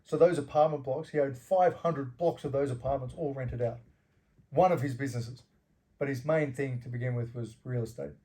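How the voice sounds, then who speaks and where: A man's voice: mid-range voice, steady tone, moderate pace, dark tone. A middle-aged man from Australia, a former fighter, telling loose anecdotes as an interview guest, laughing often and swearing freely.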